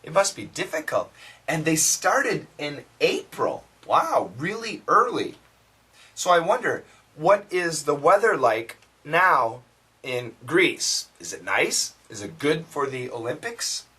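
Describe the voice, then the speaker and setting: Slow, bright-voiced American man teaching. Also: on the high side, sing-song, distant mic. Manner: patient, repeats words slowly for drilling. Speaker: English pronunciation teacher. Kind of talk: pronunciation lesson.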